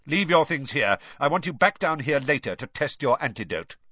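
A man's voice: fairly high pitch, sing-song, moderate pace, pushed and bright, slightly rough, no echo, dull audio, pitched above the performer's own voice, heavily acted. A man voicing a cold, contemptuous teacher who speaks curtly. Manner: curt, cold, clipped.

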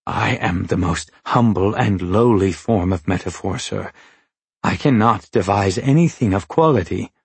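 A man voicing a timid bearded male metaphor creature who speaks in a husky, formal, old-fashioned way and begs. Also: lowish voice, a little slow, no echo, exaggerated voice. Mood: humble. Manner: archaic, pleading formal speech.

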